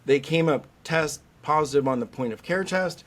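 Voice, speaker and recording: In a podcast interview, a middle-aged vet specialist talks at a moderate pace with a voice on the high side. He brings his stories to life, mimicking the voices of people he quotes.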